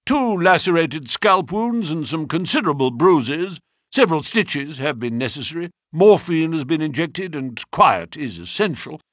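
Man doing clipped doctor voice, bright and tense, a bit husky. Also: fairly high pitch, lively intonation, moderate pace, no echo, studio quality, voice pushed up. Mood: brisk. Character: brisk male surgeon giving a medical report. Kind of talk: audiobook character reading.

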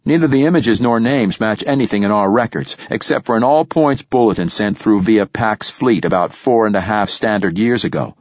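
Brief: male narrator as an earnest aide rattling off reports, low voice, dry close sound. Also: moderate pace, hardly any pauses, darkish tone, dry recording, highs cut off, close to an everyday voice. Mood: dutiful.

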